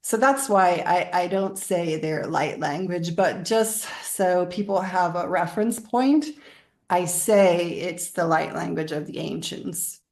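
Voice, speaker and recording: A woman guest speaks in a lowish voice with a gravelly edge. She tells her story in a meandering way and often laughs as she talks. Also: takes it slowly, darkish tone. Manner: rambling, laughs often while telling stories. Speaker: interview guest. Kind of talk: conversational storytelling.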